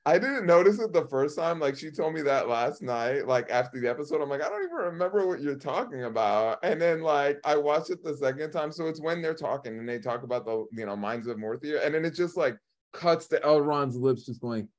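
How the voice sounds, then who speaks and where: A man's voice: on the high side, brisk. A man co-hosting a podcast in casual chat, making wry, joking asides. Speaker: podcast co-host.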